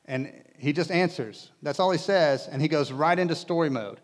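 A man's voice: on the high side, normal speed. Conversational male pastor preaching. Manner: conversational, casual asides and humor. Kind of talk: sermon. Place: church in front of a congregation.

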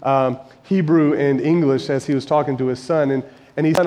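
A man's voice: mid-range voice, steady tone, brisk, a little mellow. A man in his forties giving a conversational sermon, earnest and storytelling, rising to emphatic peaks. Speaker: preacher and high school Bible teacher. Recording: long reverb of a large hall.

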